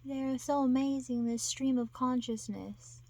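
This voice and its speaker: A woman's voice: high voice, steady tone, measured pace, darkish tone. A woman vlogger chatting casually to her camera, rambling and self-deprecating with lots of restarts.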